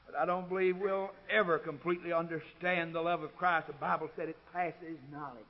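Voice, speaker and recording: A man preaching a sermon, swelling to loud, ringing climaxes and then dropping to a low, quiet tone. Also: steady tone, brisk, lo-fi sound, slight background noise.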